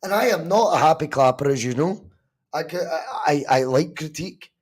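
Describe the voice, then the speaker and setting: A Scottish man hosts a live football watch-along, talking casually to his viewers. He is animated and a little sweary, with a fairly high-pitched speaking voice. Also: a little fast, slightly rough. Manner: animated, swearing, reacts to chat and match. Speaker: podcast host.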